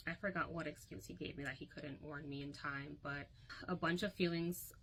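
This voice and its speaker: A woman's voice: low-pitched, fairly even intonation, moderate pace, slight background noise, rough recording. A young woman recounting a painful personal story to her phone, candid and emotional, often quoting others.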